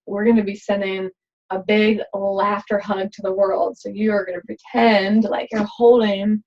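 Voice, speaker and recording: A tired woman leading a laughter exercise vlog, talking in a gentle, chatty way with many ums and uhs. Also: medium pitch, flat delivery, a little slow. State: tired, yawning. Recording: dull lo-fi recording.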